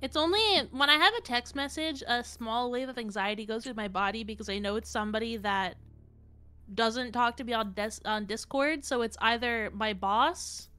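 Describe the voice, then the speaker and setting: Flustered, rambling bright-voiced woman. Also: a little high, moderate pace, clean tone, soft background music. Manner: rambling, flustered, self-deprecating. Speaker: streamer. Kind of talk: casual chat on a collab stream.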